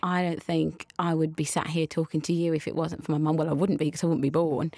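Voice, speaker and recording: A woman's voice: low-pitched, level tone, fast talker, no echo. Chatty young Black Country woman, dry sound. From West Midlands, England. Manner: warm, enthusiastic and chatty. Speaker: guest, children's TV presenter. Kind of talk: casual conversational interview.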